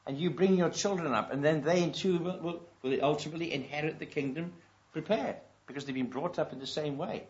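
A man preaching a sermon. He reads scripture slowly and with emphasis and asks the congregation rhetorical questions. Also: fairly high pitch, a little mellow. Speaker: pastor. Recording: dull lo-fi recording.

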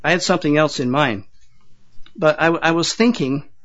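An older man delivers a sermon to his congregation in a folksy, conversational manner. His voice sits a little high, and he repeats words and chuckles at his own asides. The recording sounds dull and lo-fi. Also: normal speed, fairly bright tone. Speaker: pastor.

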